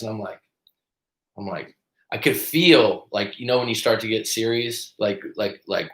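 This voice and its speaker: A man's voice: lowish voice, normal speed. Guy coach on a live stream telling a story, lots of swearing, acts out the quotes, echoey room. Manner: profane, animated storyteller who acts out quotes.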